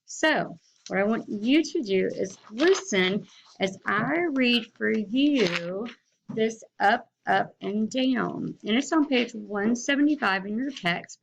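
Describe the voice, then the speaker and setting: A woman teacher, talking slowly and deliberately to her class in a recorded reading lesson. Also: on the high side, animated, creaky, a bit bright, poor audio. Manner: slow, deliberate teacher talk, reads aloud with rising and falling expression.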